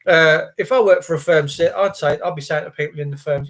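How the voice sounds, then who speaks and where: A high-pitched man hosts a live stream and rants angrily. He swears freely and mixes sarcasm into his complaints. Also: fairly quick, hardly any pauses, a bit bright. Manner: angry, sweary, sarcastic ranting. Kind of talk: ranting live-stream chat.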